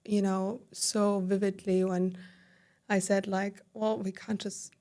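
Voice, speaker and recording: A woman's voice: mid-range voice, takes it slowly. A woman guest on a podcast, talking candidly about her own experience, full of fillers and quoting her own inner thoughts. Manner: animated retelling with quoted inner dialogue, filler-heavy. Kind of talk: candid conversational storytelling.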